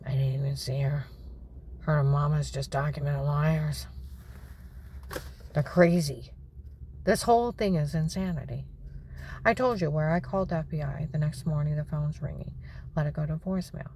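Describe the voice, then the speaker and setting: A woman vents in a rambling, indignant personal monologue. Her voice is low and gravelly, and she often sinks to a whisper. Faint background noise runs under the recording. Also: moderate pace, pauses often, mellow. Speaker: vlogger.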